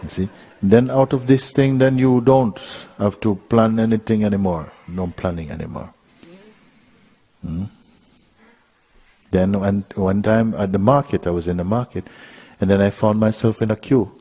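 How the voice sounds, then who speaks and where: A man speaking as a spiritual teacher to a live audience, telling a gentle story with frequent chuckles. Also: fairly low pitch, normal speed. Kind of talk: relaxed satsang talk.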